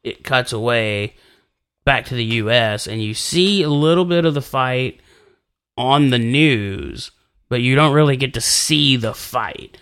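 Guy on a movie podcast, bright sharp voice, pretty opinionated. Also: mid-range voice, measured pace, smooth. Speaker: podcast co-host. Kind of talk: casual movie discussion.

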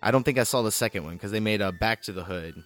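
A man hosting a movie podcast in relaxed, chatty talk with plenty of fillers. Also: fairly low pitch, quick pace, dry recording. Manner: laid-back, chatty, many fillers. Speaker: podcast host. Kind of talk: casual chat.

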